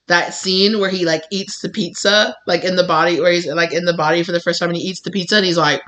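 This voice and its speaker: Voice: mid-range voice, fairly even intonation, fairly quick, few pauses, bright, forceful tone. A tarot reader giving a casual pick-a-card reading, rambling and effusive, with many "like"s and restarts.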